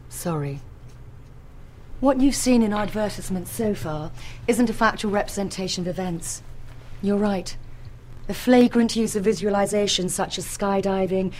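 A woman delivering a scripted, deadpan apology as a company executive in a video ad. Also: fairly low pitch, a little hiss or hum, close to an everyday voice.

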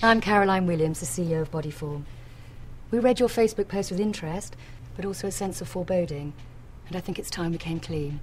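A woman delivering a scripted, deadpan apology as a company executive in a video ad. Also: on the low side, fast, crowd noise, natural voice. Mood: mock-solemn.

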